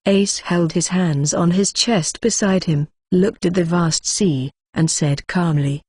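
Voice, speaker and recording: A synthetic woman's voice narrating a novel in an even, mechanical way. It sits low and a bit husky, and the recording is dry and close with no room sound. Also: slow, hardly any pauses, dry recording.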